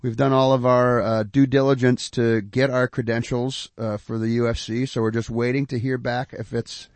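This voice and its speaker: A man co-hosting a casual podcast chat, steady and agreeable, often repeating his phrases. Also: mid-range voice, normal speed, dry recording. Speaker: podcast co-host.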